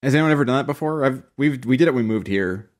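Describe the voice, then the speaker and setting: A man's voice: mid-range voice, racing. A man co-hosting a podcast in casual, joking chat. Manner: joking, playful. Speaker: podcast co-host.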